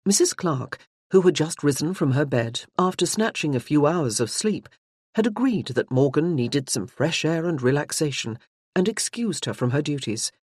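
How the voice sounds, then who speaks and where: An audiobook narrator reading a novel in a measured, even storytelling manner. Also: mid-range voice, slightly rough, no echo, clean studio sound. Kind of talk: scripted narration.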